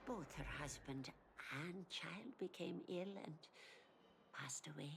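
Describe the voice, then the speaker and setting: A sorrowful old woman speaks in a low, gravelly near-whisper, for a game. Her tone is gentle and weary, with a faint accent. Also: animated, slow, a little hiss or hum, exaggerated voice. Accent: foreign-sounding. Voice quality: gravelly, hushed.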